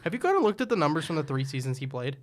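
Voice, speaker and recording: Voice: mid-range voice, very animated. A podcast co-host in casual sports chat who gets heated and rants, swearing now and then. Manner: heated, ranting, quick to swear. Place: podcast recording.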